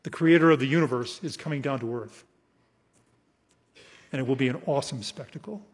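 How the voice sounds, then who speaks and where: A male preacher giving an expository sermon, emphatic, slowing down to read scripture and trailing off softly at the ends of phrases. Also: on the high side, breathy edge. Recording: long hall reverb.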